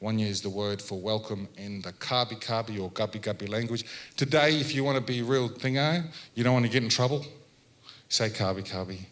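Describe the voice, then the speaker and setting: An Australian man giving a Welcome to Country at a health symposium, talking in a relaxed, chatty way with jokes and laughs between points. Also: lowish voice, brisk. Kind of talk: relaxed public address with storytelling.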